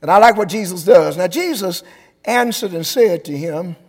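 A man preaching an impassioned sermon in a church, shouting and stretching out his phrases. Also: high voice, moderate pace, husky. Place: church sanctuary. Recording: long reverb in a large hall.

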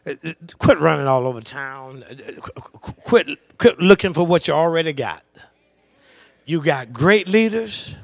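An older man preaching a sermon, telling a family story and calling out to the congregation, his voice swinging from low murmurs to impassioned shouting. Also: animated, measured pace, gravelly.

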